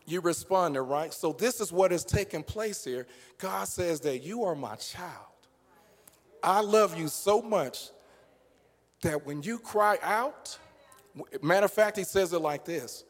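A man with a high-pitched voice preaches a sermon. He moves between easy, conversational talk and rising, passionate shouts. The sound rings with a long church reverb. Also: lively intonation, unhurried. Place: church sanctuary.

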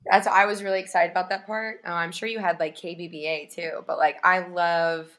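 Female guest, low-pitched but bright tone, giggly, casual. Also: flat delivery, brisk. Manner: giggly, with many "like"s and "um"s. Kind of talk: casual chat.

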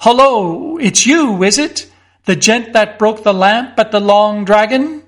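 A man voicing a gruff, belligerent village police constable who talks in blunt, common speech. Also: high-pitched, unhurried. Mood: angry. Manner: blustering, scornful, common speech.

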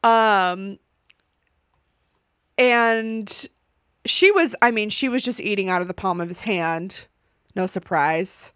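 A young woman hosting a podcast, recapping a reality show in a casual, animated way, swearing and acting out what people said. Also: medium pitch, slow, long pauses, clean tone, dry recording, studio quality. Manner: animated, swearing, acts out quotes. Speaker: podcast host.

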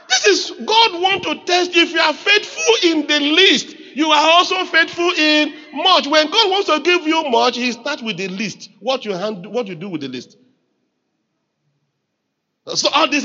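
A man's voice: extremely high pitch, very animated, unhurried, pushed and bright, lo-fi sound. A man with a Nigerian accent preaching a sermon as pastor, emphatic and calling on the congregation to repeat lines back.

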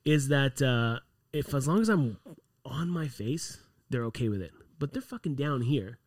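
A man who works on props for a TV set, chatting casually and telling profane, animated stories full of acted-out quotes. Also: medium pitch, moderate pace, dry recording, clean studio sound. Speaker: props crew member on a TV set. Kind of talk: casual chat.

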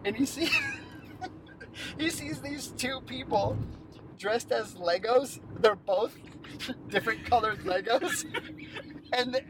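A man's voice: very high-pitched, slow, long pauses. A man in his thirties telling a story in casual chat, acting out the people he quotes and laughing as he goes. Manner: animated, acts out quotes, laughs mid-story. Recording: noisy recording with traffic outside.

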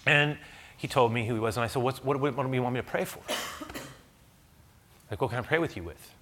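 A pastor telling a personal story in a sermon, talking conversationally with many restarts and rising to loud, high preaching at its peaks. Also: male voice, fast, slight background noise.

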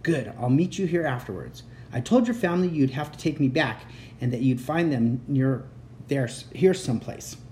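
A man's voice: mid-range voice, lively intonation, normal speed, mellow, slight background noise, natural voice. A man voicing a brave young boy who leads a dragon escape, giving urgent orders. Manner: urgent, commanding.

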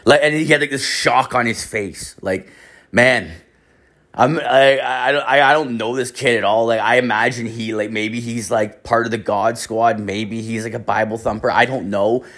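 A man's voice: medium pitch, fairly even intonation, moderate pace, fairly bright tone. A man in his thirties telling a rambling, exasperated story, swearing constantly. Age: 30s. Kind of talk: profane comic storytelling rant.

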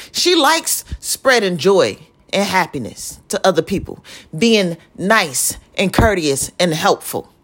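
A young woman giving a blunt, profane, emphatic venting monologue to camera. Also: mid-range voice. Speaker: vlogger.

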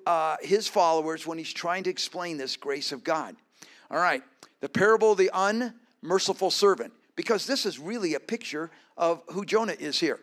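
Fairly high-voiced man preaching a sermon. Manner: expressive reading, rising to emphatic peaks and dropping to quiet reflection; conversational asides to the congregation. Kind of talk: sermon with scripture reading.

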